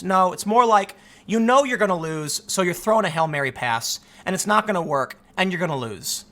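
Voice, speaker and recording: Male commentator, tired and fed up, rambling with restarts, bright edge to the voice. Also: high voice, lively intonation, a little fast. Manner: exasperated, rambling, frequent restarts. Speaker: political commentator. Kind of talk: casual political commentary.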